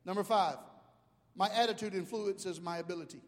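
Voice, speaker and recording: A man preaching an animated sermon to a congregation, building from conversational talk to loud, rising climaxes. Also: high voice, brisk. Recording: long hall reverb.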